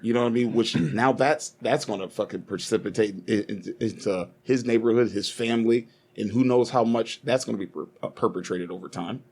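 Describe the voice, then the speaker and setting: A man's voice: on the low side, brisk, hardly any pauses, a little mellow. A young man co-hosting a casual podcast, rambling and swearing as he argues and tells stories. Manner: profane, rambling, heated storytelling. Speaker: podcast co-host.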